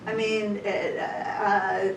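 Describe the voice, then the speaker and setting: A woman's voice: mid-range voice, little pitch movement, drawn-out words, vocal fry. A woman teaching a women's Bible study, retelling scripture in a chatty, everyday way. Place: church meeting room. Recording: roomy hall, distant mic, faint hiss.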